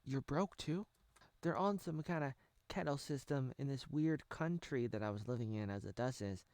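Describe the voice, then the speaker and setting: A man's voice: medium pitch, normal speed, darkish tone, no echo, lightly acted. A man doing a broke, whiny ex-duchess. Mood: complaining. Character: broke, complaining divorced ex-duchess woman.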